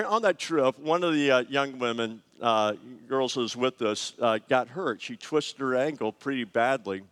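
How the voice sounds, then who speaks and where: A middle-aged man preaching a sermon, telling personal stories in a conversational, animated way with frequent fillers. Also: mid-range voice. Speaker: pastor. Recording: long hall reverb.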